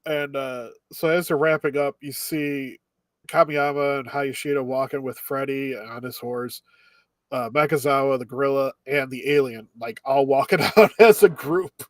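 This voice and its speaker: A man's voice: medium pitch, normal speed, no room sound. A man co-hosting a podcast, recapping anime episodes in casual chat and laughing often as he goes. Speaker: podcast co-host.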